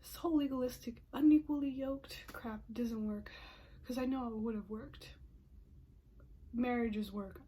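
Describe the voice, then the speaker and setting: A young adult woman vlogger tells a personal story in a storytime monologue, her voice a little high and a little mellow. She gets emotional, often drops into whispered asides, and frequently says "you know."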